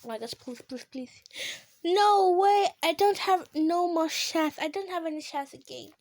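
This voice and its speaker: A woman with giving casual, excitable commentary while playing a mobile game, gasping and shrieking at close calls. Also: sits high, normal speed, no room sound. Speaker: gamer.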